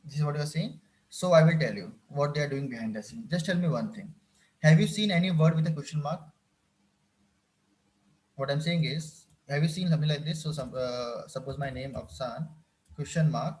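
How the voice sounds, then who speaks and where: A man's voice: on the high side, darkish tone. A man teaching a live coding class, often repeating phrases and checking whether his students follow. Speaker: instructor.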